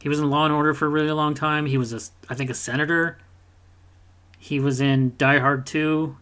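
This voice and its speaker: A man co-hosting a casual gaming podcast, rambling and swearing, dropping into quick mocking character voices. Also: on the high side, steady tone, fairly bright tone. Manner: rambling, profane, mimics characters in quick asides. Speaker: podcast co-host.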